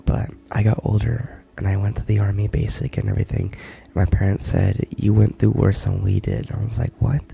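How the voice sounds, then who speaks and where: This is a whispered role-play stream. A young man speaks in a hushed, gravelly whisper with a deep, dark tone. He talks close to the mic, and faint music plays underneath. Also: level tone. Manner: soft whispered talk, halting and rambling. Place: army barracks room.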